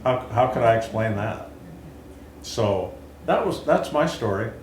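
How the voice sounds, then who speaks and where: An older man in his seventies recounts his own story with halting, earnest restarts. His voice sits at an everyday pitch and is captured in a roomy space with a faint hiss behind it. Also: lively intonation. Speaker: interview host and Vietnam veteran. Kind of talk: candid storytelling and interviewing.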